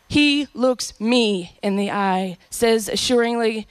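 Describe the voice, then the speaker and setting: A woman's voice: mid-range voice, takes it slowly, hardly any pauses, clean tone, no echo. Reflective woman telling a spoken-word story. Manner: reflective, poetic, emotional.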